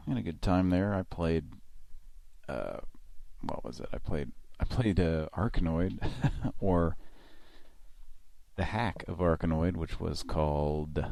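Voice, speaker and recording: A man's voice: rumbling low, vocal fry, a little mellow, no room sound. A man hosting a live online show, chatting casually and rambling with lots of fillers and restarts. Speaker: host.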